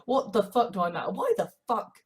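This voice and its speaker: A man's voice: high-pitched, sing-song, fairly quick, slightly rough. Young man, video monologue, rambling and sweary, bursts of exasperation. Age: young adult. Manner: rambling, frequent swearing, sudden exasperated outbursts. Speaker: video essayist. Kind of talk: casual monologue.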